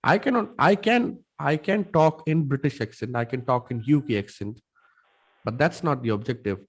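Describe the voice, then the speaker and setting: A man from Punjab with a Punjabi accent, mentoring students on public speaking in an emphatic, rapid-fire way with rhetorical questions. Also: mid-range voice, lively intonation. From Punjab, India. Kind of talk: mentoring session.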